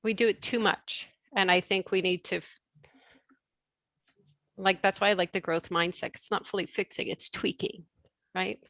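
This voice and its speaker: A woman speaking as a guest on leadership in a casual webinar conversation over a video call, animated and quick to restart her sentences. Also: medium pitch, dry recording. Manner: animated, quick restarts, laughs between points.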